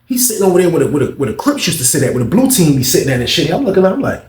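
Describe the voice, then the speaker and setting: A man's voice: fairly high pitch, big pitch swings, very fast, a little mellow. A young man telling a rambling, slang-heavy story in casual storytime style, acting out the other people's lines. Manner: slangy, rambling, acts out quoted voices. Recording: echoey room.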